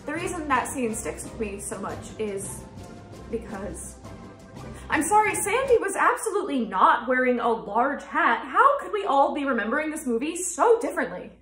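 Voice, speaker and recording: A woman's voice: sits high, very animated, normal speed, fairly bright tone, echoey room, soft background music. A woman in a scripted comedy sketch who sounds incredulous and emphatic.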